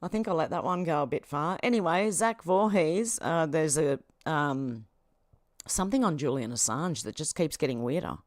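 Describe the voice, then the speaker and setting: A woman's voice: low voice, animated, normal speed, no echo, clean studio sound. Chatty Australian woman streamer. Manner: rambling, chatty, laughs often. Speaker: livestream host. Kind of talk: casual commentary.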